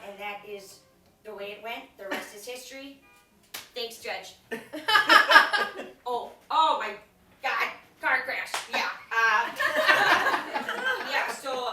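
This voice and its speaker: A woman's voice: on the high side, far from the mic. A young woman with a Wisconsin accent playing a chatty, flustered witness testifying in court, rambling and giggling through her story. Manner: rambling, giggly, breaks into loud laughs. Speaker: comedic character monologue. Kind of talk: improvised comic monologue. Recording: roomy, off-mic with faint noise.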